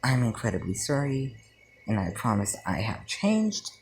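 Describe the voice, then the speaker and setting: A man voicing a reformed teenage boy who speaks slowly, earnestly and firmly. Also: medium pitch, sing-song, a little hiss or hum, rough recording. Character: reformed teenage boy, calm and quietly menacing.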